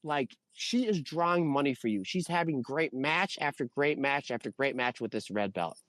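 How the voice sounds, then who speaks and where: A man co-hosting a wrestling review podcast, talking in an animated, exasperated rant. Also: mid-range voice, moderate pace, no room sound. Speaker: podcast co-host. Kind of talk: casual wrestling review chat.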